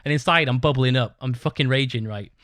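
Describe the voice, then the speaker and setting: A young British man hosts his own podcast, casually telling a rambling, sweary story and laughing as he goes. He speaks quickly in a mid-range, slightly bright voice, with no room sound.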